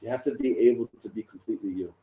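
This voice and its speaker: A man in his thirties, a rabbi, sharing his own story in a casual, animated talk that gets louder and higher in the funny parts. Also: rapid-fire, dull audio. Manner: animated storyteller, rising and loud in funny moments. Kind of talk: casual personal talk to a group.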